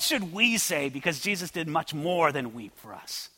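High-pitched pastor guy preaching, bright voice, goes loud then quiet, big echoey church. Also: sing-song, normal speed, hardly any pauses, husky. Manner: impassioned, swings between loud declarations and soft intimate asides. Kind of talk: sermon.

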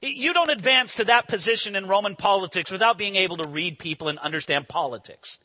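A man preaching an expository sermon, animated and emphatic, asking the listeners questions. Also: high voice, fairly quick. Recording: long hall reverb.

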